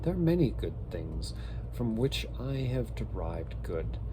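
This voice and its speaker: Cheerful warm-hearted young man, high eager delivery, read by a male narrator. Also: very animated, unhurried, background noise. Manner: bright, pleading, high and eager.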